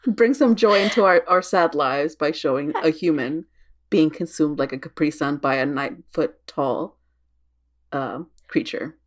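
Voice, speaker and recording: A woman co-hosting a podcast in casual chat. She sounds relaxed and chatty and laughs easily. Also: sits low, unhurried. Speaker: podcast co-host.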